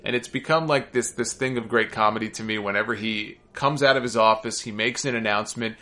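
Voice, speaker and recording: A man's voice: lowish voice, a little fast, bright, forceful tone. A man hosting a wrestling podcast, recapping matches and reading listener mail in a chatty way with fillers and asides. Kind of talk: casual recap and mailbag.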